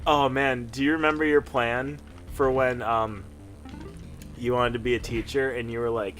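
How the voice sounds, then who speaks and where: A man's voice: mid-range voice, flat delivery, normal speed, a bit bright, soft background music. A man co-hosting a let's play, chatting casually and teasing his friend. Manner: joking, teasing, playful. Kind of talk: casual gameplay chat.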